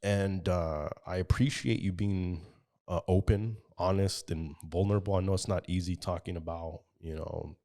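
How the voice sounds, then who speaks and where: A man's voice: deep voice, fairly even intonation, normal speed, gravelly, warm tone. A man hosting a casual podcast, thanking his guest in an encouraging way. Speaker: podcast host.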